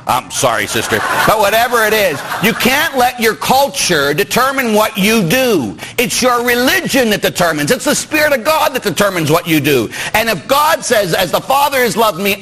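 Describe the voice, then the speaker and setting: A middle-aged Catholic priest from Pittsburgh preaching a sermon, joking and asking the congregation questions. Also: male voice, high voice, very animated, normal speed, few pauses, bright, forceful tone, a little hiss or hum, poor audio.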